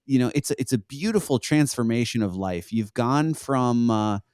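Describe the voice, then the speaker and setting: A man's voice: medium pitch, expressive, moderate pace, darkish tone, smooth, dry recording, clean studio sound. A young man, a podcast guest, chatting casually and telling stories in a laid-back way, laughing often. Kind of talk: casual chat.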